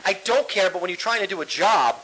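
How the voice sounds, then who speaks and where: A man's voice: sits high, animated, quick pace, crowd noise, rough recording. A man, co-hosting a casual podcast, ranting with plenty of swearing and frequent laughter. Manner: ranting, profane, laughs often. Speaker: podcast co-host.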